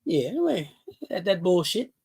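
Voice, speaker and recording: A man's voice: sits high, sing-song, normal speed, vocal fry, darkish tone, breathy edge. Blunt New man in his fifties. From New York City. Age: 50s. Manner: blunt, profane, emphatic. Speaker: livestream host. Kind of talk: casual livestream rant.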